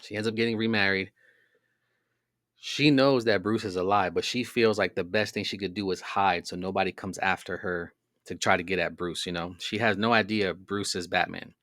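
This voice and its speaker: A man's voice: deep voice, steady tone, normal speed, a bit bright, dry recording, clean studio sound. A man hosting a podcast, telling a long story in a casual, rambling way with many fillers. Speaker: podcast host. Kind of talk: casual monologue.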